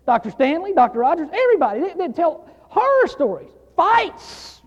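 High-voiced preacher man in an echoing hall. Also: very animated, normal speed. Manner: emphatic preaching, repeating phrases, swelling louder on key lines. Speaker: pastor. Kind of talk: sermon. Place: church sanctuary. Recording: dull sound in a long reverberant hall.

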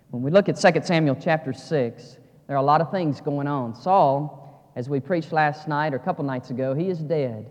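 Folksy preacher in a reverberant church. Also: male voice, on the high side, moderate pace. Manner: folksy, emphatic, rising into fervent preaching. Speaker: guest pastor preaching a revival service. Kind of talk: sermon. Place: church sanctuary. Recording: long hall reverb of a church.

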